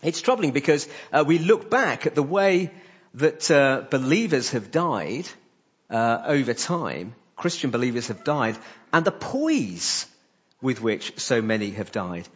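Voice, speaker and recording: A man gives a church sermon in a husky voice at a middling pitch. He talks in short phrases broken up by frequent "uh" fillers. The sound is dull and muffled. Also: very animated, a little slow. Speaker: preacher.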